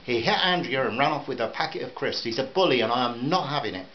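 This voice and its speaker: A man doing a furious sharp-tongued mother. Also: mid-range voice, animated, a little fast, dull audio, slight background noise, lightly acted. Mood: angry. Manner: snapping, raised voice.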